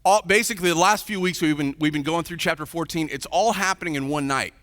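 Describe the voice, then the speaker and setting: A man's voice: on the high side, quick pace, a bit bright, big-room sound. A male pastor preaching in a chatty, informal way, often checking in with his listeners. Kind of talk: conversational sermon. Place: church sanctuary.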